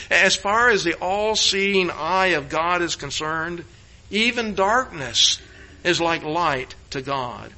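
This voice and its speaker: A high, bright-toned man preaching a sermon. He stumbles and restarts words often and swings between ringing emphatic lines and low, quiet ones. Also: a little hiss or hum, rough recording. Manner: stammering restarts, emphatic rises and hushed drops. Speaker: pastor.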